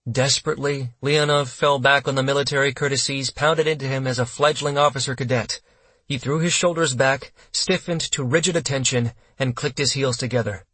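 A man reading an audiobook in steady, measured scripted narration, close to the mic. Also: medium pitch, husky, dry recording.

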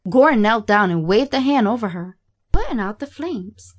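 A woman reading a graphic horror story aloud in a steady, matter-of-fact way. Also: fairly high pitch, moderate pace. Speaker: narrator. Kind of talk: scripted horror story narration.

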